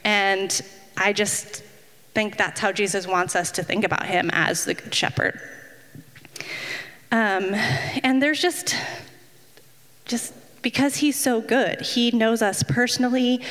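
A woman's voice: mid-range voice, slow, pauses often, fairly bright tone. A woman in her thirties giving a casual, chatty devotional talk, self-deprecating and full of fillers. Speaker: women's ministry speaker. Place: church hall. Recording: long hall reverb.

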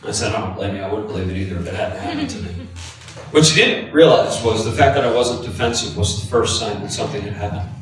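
A man preaching a sermon, telling a personal story in an animated, confessional way. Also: fairly low pitch, fast talker. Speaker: pastor. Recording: echoey hall from far off.

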